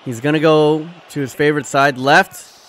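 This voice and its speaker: A man hosting a live watchalong stream, commentating excitedly and profanely, shouting at big moments and chatting with his viewers. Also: a little high, normal speed. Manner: talks to his chat and thanks viewers.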